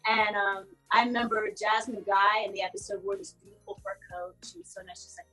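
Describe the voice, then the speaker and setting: A woman's voice: medium pitch, fairly quick, music in the background, low-quality recording. A woman guest in a casual interview, telling stories and laughing often. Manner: laughs often, animated storyteller. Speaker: guest actress.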